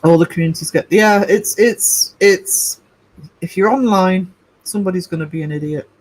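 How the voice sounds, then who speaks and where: A man's voice: high-pitched, normal speed, poor audio. A middle-aged man hosting a casual livestream, rambling chattily through stories and replies to his chat. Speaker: livestream host.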